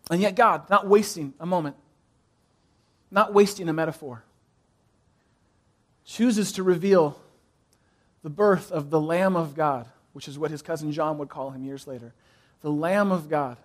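A man preaching a sermon as pastor, pausing for effect, dropping soft on key phrases and asking the congregation to fill in words. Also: sits high.

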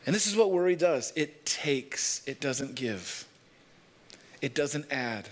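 A man preaching a sermon, telling stories and repeating phrases slowly for emphasis. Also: on the high side, expressive. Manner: storytelling preacher, leans on repetition and slows down for emphasis. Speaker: pastor.

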